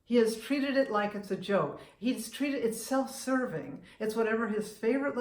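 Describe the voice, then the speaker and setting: A woman's voice: mid-range voice, animated, normal speed, roomy sound. A woman in her seventies from the United States, talking casually to camera on her own vlog, chatty and opinionated, often restarting her sentences. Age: 70s. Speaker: vlogger and humorist.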